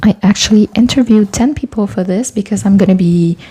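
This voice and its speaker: A woman's voice: medium pitch, a little fast, husky. A woman chatting casually on a live stream while crafting in her studio, greeting viewers by name and often dropping into a whisper. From Quebec, Canada. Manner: soft-spoken, often drops to a whisper while working. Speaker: artist livestreaming from her studio. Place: home art studio.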